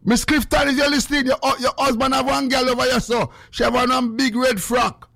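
A man's voice: very high-pitched, level tone, brisk, bright, forceful tone, dry recording, studio quality. A man with a Jamaican accent hosting a casual livestream, greeting viewers by name and teasing them playfully. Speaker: livestream host.

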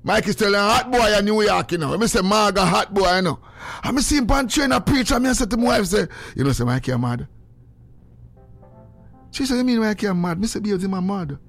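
A man hosting a show, telling stories in a lively, laughing way and quoting himself and others. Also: high-pitched, fairly quick, no echo, soft background music. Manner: animated, laughs often, quotes himself. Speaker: show host. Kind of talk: casual storytelling chat.

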